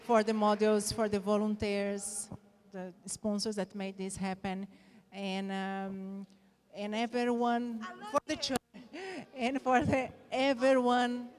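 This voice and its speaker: A woman organizer thanks the audience at a live event in a voice of ordinary pitch. She speaks gratefully, laughing now and then and filling pauses with little fillers. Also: steady tone, in a large hall. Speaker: show organizer. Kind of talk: live thank-you speech. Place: event hall.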